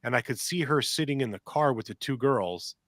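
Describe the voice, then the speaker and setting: A man's voice: medium pitch, fairly quick, dry recording, studio quality. A middle-aged man telling long, rambling stories on a podcast and acting out voices and sounds as he goes. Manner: rambling, animated, acts out quotes and sounds. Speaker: podcast co-host. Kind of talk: casual storytelling chat.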